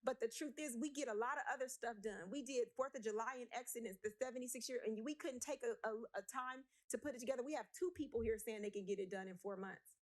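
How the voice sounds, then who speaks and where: A woman's voice: a little high, quick pace, few pauses. A woman speaking at a city council meeting, emotional, blunt and emphatic as she argues her point. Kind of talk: impassioned council meeting speech.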